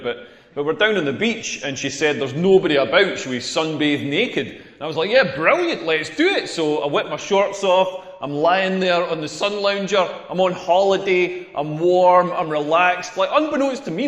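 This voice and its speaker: A Scottish man performing stand-up with a high-pitched voice and crude, rambling storytelling that builds to loud punchlines. He plays to the room on a stage mic, and his voice rings through an echoey hall with a long reverb tail. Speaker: stand-up comedian. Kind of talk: stand-up comedy set. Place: comedy club stage.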